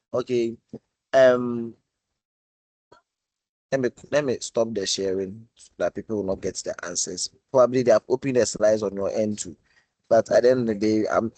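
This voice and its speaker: A male instructor leads a live online coding class, often stopping to repeat himself while coaxing and teasing his students. His voice sits at an ordinary middle pitch. The sound is dry and close, with no room echo. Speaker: programming instructor.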